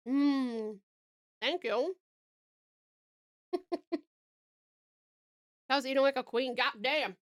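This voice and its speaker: A woman with an Australian accent chatting casually on a live stream, giggling and eating as she talks. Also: high voice. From Tasmania, Australia.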